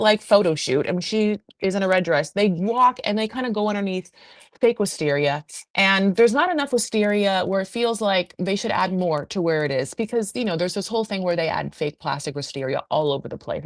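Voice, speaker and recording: A woman hosting a podcast, chatting in a gossipy, animated way full of asides as she recaps a reality show. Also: on the low side, fairly quick, no room sound. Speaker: podcast host.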